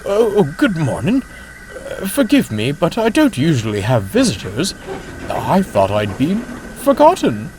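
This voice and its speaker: A man's voice: on the high side, wildly swooping pitch, a little slow, a little mellow, a little hiss or hum, pitched above the performer's own voice. A man voicing a forgotten old female passenger coach, with a wailing, sighing, fussy manner. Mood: mournful.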